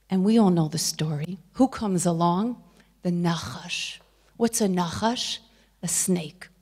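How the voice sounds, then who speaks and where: Slow-speaking woman giving a lecture. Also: mid-range voice, vocal fry, a little mellow. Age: middle-aged. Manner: storytelling, acts out quoted dialogue; drops to a whisper for emphasis. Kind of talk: Torah lecture.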